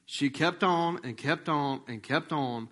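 A male pastor shares a personal story in his sermon, slow-paced, casual, and animated, with a slightly high voice. He reenacts remembered conversations and turns hushed for the tender parts.

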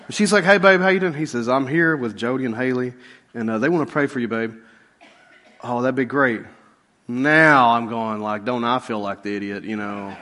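A middle-aged man, a pastor, telling a funny personal story in a sermon and swinging from loud outbursts to hushed asides. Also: high-pitched. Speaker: pastor and police chaplain.

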